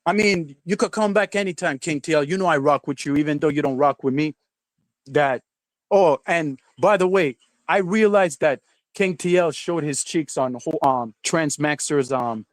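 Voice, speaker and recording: A man hosting a livestream, chatting casually in a rambling, halting way with lots of fillers and restarts, sometimes with his mouth full. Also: on the high side, no echo. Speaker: livestream host. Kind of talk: rambling casual stream chat.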